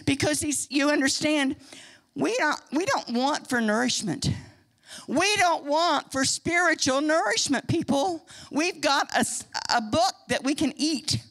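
Older Midwestern woman, church speaker; high, gravelly, folksy emphatic sermon delivery. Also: expressive, a little slow, fairly bright tone. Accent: Midwestern American. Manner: folksy, emphatic preaching to a congregation. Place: church sanctuary.

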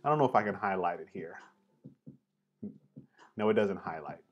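A man hosts a relaxed chat over tea, his low voice animated and his pace moderate, though the audio sounds dull. He's chatty, padding his talk with "like" and "right?".

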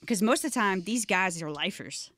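A woman guest on a podcast, telling a story in a casual, animated way and acting out the voices of the people in it. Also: medium pitch, fairly quick, no room sound. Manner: animated, acts out quoted voices. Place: podcast studio.

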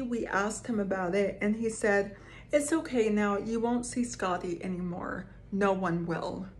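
A woman casually reading scary stories aloud to her viewers, stopping for quick reactions between passages. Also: medium pitch, darkish tone, a little hiss or hum. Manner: slow, reads aloud with asides and reactions. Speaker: storyteller reading creepy stories.

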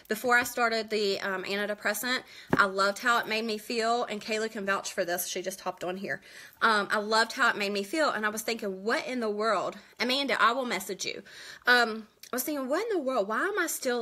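A woman from West Virginia hosting a casual live makeup tutorial from home, chatty and quick, greeting viewers by name. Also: medium pitch, pushed and bright. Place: at home indoors.

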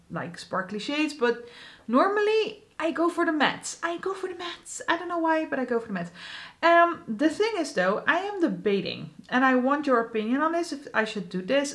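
A woman's voice: a little high, a bit bright. A woman vlogger chatting casually about her makeup products, rambling with many fillers and restarts. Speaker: beauty vlogger.

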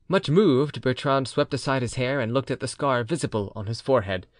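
A man narrating a classic novel as an audiobook reader, with expressive storytelling delivery. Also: mid-range voice, brisk, dry recording, clean studio sound. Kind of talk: scripted narration.

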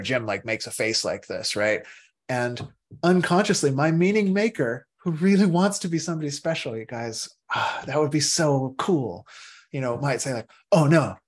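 During a casual class talk, a male meditation teacher acts out inner voices, suddenly leaping into a high, excited tone.

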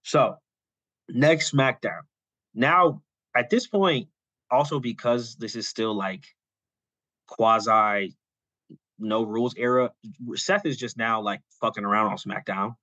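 A man of middle pitch spins out a long story in a relaxed, meandering way, leaning on "like" and "you know" as he goes. He slips into quick acted lines for the people in his story. The voice sits close to the mic in a dry, dead room. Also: no room sound. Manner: loose and rambling, full of "like" and "you know"; acts out quoted lines in passing. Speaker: podcast co-host. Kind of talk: casual storytelling on a podcast.

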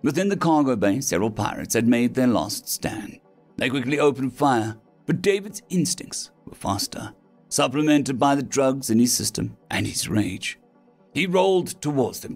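A man narrating a science-fiction story in a dramatic, expressive reading style. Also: medium pitch, normal speed. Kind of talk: scripted sci-fi story narration. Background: faint background music.

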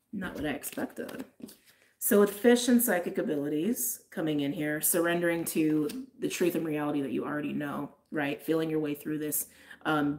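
A woman's voice: low voice, a little mellow, slight background noise. A woman giving a casual, chatty tarot reading, talking straight to her viewers with frequent "like"s. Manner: chatty, lots of "like", frequent laughs. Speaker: tarot reader.

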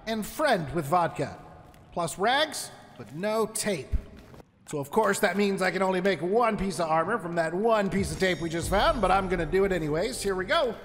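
A man's voice: high voice, lively intonation, moderate pace, a bit bright, long reverb tail, slight background noise. A man commentating his own survival game playthrough in a chatty, joking way, talking to the enemies as he fights them. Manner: chatty, jokey, talks to enemies. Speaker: gameplay commentator. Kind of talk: let's play commentary.

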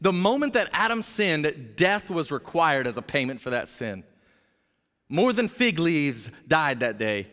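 A man preaching a sermon as pastor, telling a story in an energetic, jokey way and acting out the characters' voices. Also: on the high side, measured pace. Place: church sanctuary. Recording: long hall reverb.

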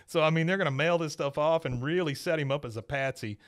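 A man hosting a podcast, giving a casual, animated scene-by-scene recap of an episode. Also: a little high, fast. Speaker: podcast host.

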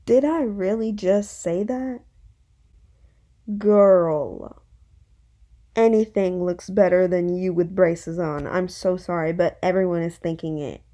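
A blunt, sassy girl, put on by a young woman, drawls her words slowly. The voice sits a bit low and sounds mellow. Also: fairly even intonation.

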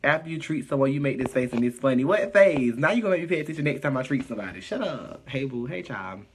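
A man live streaming casual chat, reading viewer comments aloud and answering them in a sassy, profane, animated way. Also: medium pitch, fast, slight background noise.

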